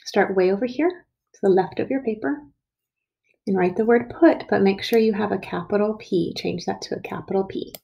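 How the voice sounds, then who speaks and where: A woman teaching children to write a sentence, speaking slowly and patiently and stretching out the sounds of words. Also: mid-range voice, creaky, husky, dull audio. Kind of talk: early reading and writing lesson.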